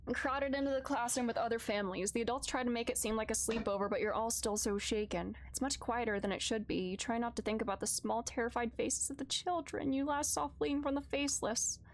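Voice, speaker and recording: A woman streamer reading a narrative game aloud and reacting live, moving from calm reading to loud, distressed outbursts. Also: a little high, brisk, hardly any pauses.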